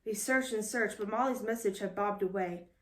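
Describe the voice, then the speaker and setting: Expressive woman reading a picture book. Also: mid-range voice, normal speed, distant mic. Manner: expressive, lively storytelling. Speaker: storybook reader. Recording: roomy echo.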